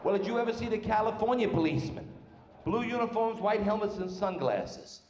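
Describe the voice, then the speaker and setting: A man doing a brash, rapid-fire stand-up comedy routine in a large casino showroom. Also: sits high, expressive, darkish tone, slight background noise. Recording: echoey live hall recording.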